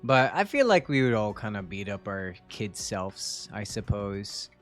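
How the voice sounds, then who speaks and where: A man's voice: fairly low pitch, sing-song, unhurried, faint music behind. A young man streaming a game, chatting casually with viewers in a joking, self-mocking way. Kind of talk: casual live-stream chat while gaming.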